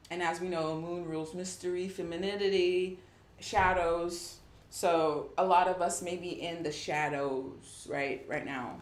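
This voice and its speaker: A woman runs a casual tarot reading for her viewers in an upbeat, affirming way, reading card meanings aloud. Her voice sits a little low and carries a roomy echo, with faint background noise underneath. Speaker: tarot reader.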